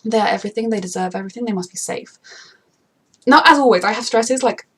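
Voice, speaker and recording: A woman's voice: on the high side, fast talker, a bit bright, husky. A young adult woman vlogging a reaction to a TV episode, rambling in an emphatic, gushing, casual way about characters she loves. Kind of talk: casual unscripted commentary.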